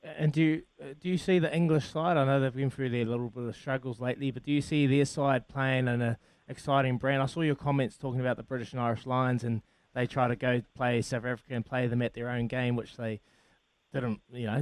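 A man's voice: mid-range voice, dry recording. A man hosting a casual interview, asking long, rambling questions and calling his guest mate. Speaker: radio interviewer.

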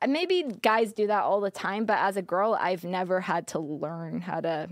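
A woman's voice: lowish voice, moderate pace, no echo, studio quality. Candid young woman, filler-heavy chat. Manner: casual, filler-heavy with frequent "like", laughs often. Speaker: podcast guest, former streamer.

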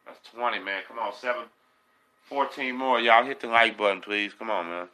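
Dude hosting a live stream, lowish voice, pushing viewers to hit like. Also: male voice, moderate pace, poor audio. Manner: urging viewers, relaxed slang. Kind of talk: casual live-stream talk.

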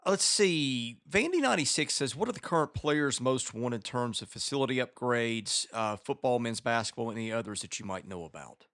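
A man hosting a radio show, reading listener questions in a plain, measured way. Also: medium pitch, animated, fairly bright tone, dry recording, studio quality. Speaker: radio host. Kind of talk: radio interview.

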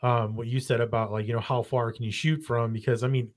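A man's voice: medium pitch, little pitch movement, a little fast. An American man chatting casually about duck hunting, rambling with many fillers and restarts. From United States. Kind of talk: casual chat.

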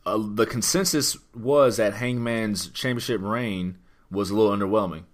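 At a moderate pace and in a lowish voice, a man hosting a podcast discusses wrestling news casually. He rambles, stresses his points emphatically, and asks many rhetorical questions.

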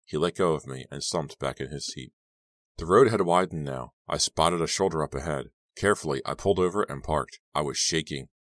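A man reading a teen horror audiobook aloud in steady, dramatic first-person narration. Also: very deep voice, a little fast, no echo, studio quality. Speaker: audiobook reader.

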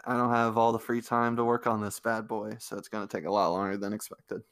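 A man's voice: fairly low pitch, level tone, fairly quick, fairly bright tone. A young man co-hosting a casual podcast, a new father, talking in an easygoing way and laughing often. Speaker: podcast co-host.

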